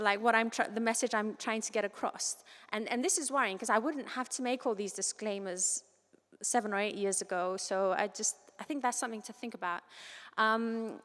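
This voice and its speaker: Cypriot woman lecturing in a big hall. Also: on the high side. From Cyprus. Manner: lively, informal, quick asides and quoted voices. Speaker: conference speaker. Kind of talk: academic conference talk. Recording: long reverb of a large hall.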